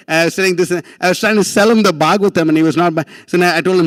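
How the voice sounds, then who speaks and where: A young man telling a story in a slangy, excitable way, often laughing, while giving a class. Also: sits high, very fast, few pauses, no echo. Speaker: class speaker. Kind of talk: animated storytelling talk.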